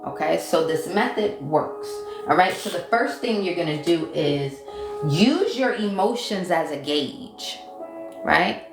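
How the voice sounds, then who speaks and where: Chatty woman coaching with a lively voice. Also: fairly low pitch, slow. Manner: chatty, repeats key phrases, reads viewer comments aloud. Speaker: mindset coach livestreaming. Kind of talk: casual livestream teaching. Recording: roomy sound with music behind. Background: background music.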